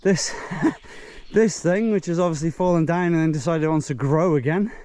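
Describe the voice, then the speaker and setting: A man's voice: a little high, normal speed, dark tone, smooth, no room sound. Breathless man vlogging a woodland hike. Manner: chatty, exclaims at the scenery, puffing between remarks. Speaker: hiking vlogger. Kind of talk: casual walking commentary. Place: woodland trail outdoors.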